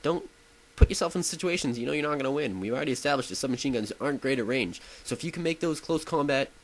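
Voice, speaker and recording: Talking fast at medium pitch, an animated young man hosts a gaming video, commenting casually on his own gameplay. He rambles, interrupts himself and restarts with enthusiasm, and the recording is rough.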